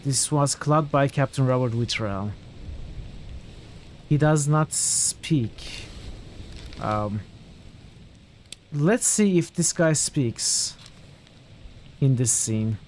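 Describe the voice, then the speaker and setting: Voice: medium pitch, animated, extremely slow, pauses often, a little mellow, a little hiss or hum. A game streamer giving casual gameplay commentary, thinking aloud and chatting with viewers.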